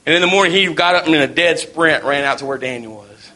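A man's voice: a little high, quick pace, pushed and bright. A man preaching a sermon in a folksy, storytelling way.

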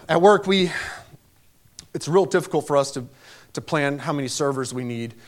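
A man's voice: on the high side, animated, normal speed. A man preaching a sermon, telling a personal story with emphatic delivery that rises to raised exclamations.

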